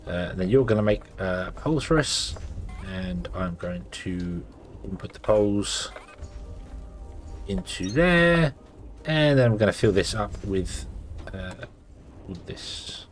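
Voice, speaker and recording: A man's voice: low-pitched, expressive, takes it slowly, long pauses, soft background music. Sleepy man narrating gameplay. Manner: rambling, thinking aloud with many fillers. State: sleepy, yawning. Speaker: gameplay streamer. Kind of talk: casual gameplay commentary.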